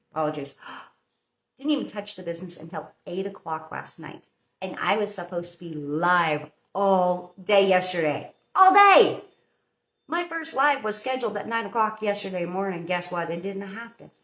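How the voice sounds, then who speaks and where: A woman's voice: fairly low pitch, moderate pace. A woman hosting a live baking stream, giving viewers a chatty, motherly pep talk in her home kitchen. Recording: roomy echo.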